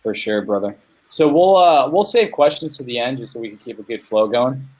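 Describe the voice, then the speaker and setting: A man in the middle of his range hosts a live call, speaking in a relaxed, friendly way to the viewers watching. His tone is easygoing and conversational. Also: mid-range voice, fairly quick, poor audio. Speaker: host.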